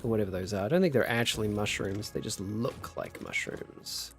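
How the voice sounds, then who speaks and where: A young man chats casually while streaming a game, animatedly telling stories and reading chat aloud. His lowish voice is brisk and creaky, with faint music in the background.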